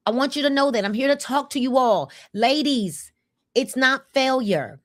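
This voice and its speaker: A woman in her fifties hosting a casual livestream, energetic and repeating calls for viewers to comment. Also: sits high, normal speed, dry recording, studio quality. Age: 50s. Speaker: livestream host.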